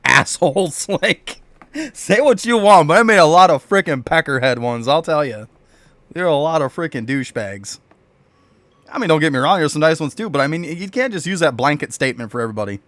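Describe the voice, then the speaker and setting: A man's voice: fairly high pitch, a bit bright, dry recording. A man from New York State ranting bluntly and profanely while chatting live with his stream viewers. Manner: blunt, profane, rambling rants.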